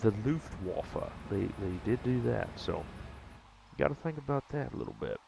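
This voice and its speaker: A man's voice: medium pitch, animated, normal speed, gravelly, background noise. An American man chatting casually and jokingly with viewers during a gaming live stream. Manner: rambling, jokey, talks to chat.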